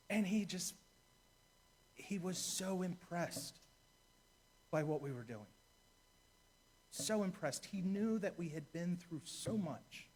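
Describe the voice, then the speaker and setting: A man's voice: high-pitched, lively intonation, slow, long pauses, breathy edge. A man, a deacon, preaching a sermon in a church, telling a story and repeating key phrases for emphasis.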